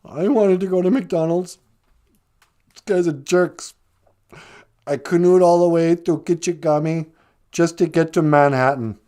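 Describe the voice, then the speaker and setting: A man's voice: fairly high pitch, measured pace, pauses often, mellow, voice pushed up, lightly acted. A man voicing a tearful, aggrieved man from an old TV ad, in a whiny, mock-wounded tone.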